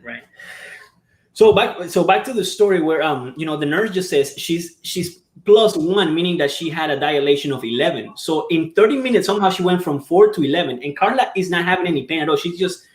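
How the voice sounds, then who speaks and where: A high-pitched man tells a story in an animated way and keeps breaking into laughter. His voice rings around an echoey room. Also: fairly quick. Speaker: father telling his daughter's birth story. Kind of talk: casual chat.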